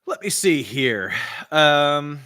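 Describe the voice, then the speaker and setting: A man's voice: medium pitch, animated, a little fast, fairly bright tone, no echo, studio quality. An American man co-hosting a casual football podcast, joking and ranting with animation. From United States. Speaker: podcast co-host. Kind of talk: casual chat.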